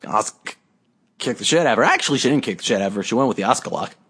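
A man's voice: on the low side, animated, rapid-fire, a bit bright, husky. A man co-hosting a casual podcast, talking in a sarcastic, rambling way. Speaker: podcast co-host. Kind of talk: casual wrestling chat.

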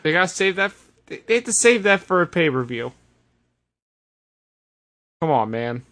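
Sarcastic man recapping with a slightly high voice. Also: moderate pace. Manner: animated, sarcastic retelling with put-on voices. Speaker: podcast host. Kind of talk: casual wrestling recap chat.

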